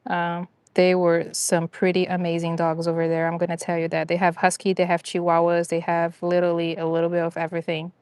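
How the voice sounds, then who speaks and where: A woman's voice: fairly low pitch, completely flat delivery, fairly quick, hardly any pauses, a little mellow, smooth, no echo. A woman chatting casually on a live stream about rescue dogs, rambling and upbeat with lots of fillers.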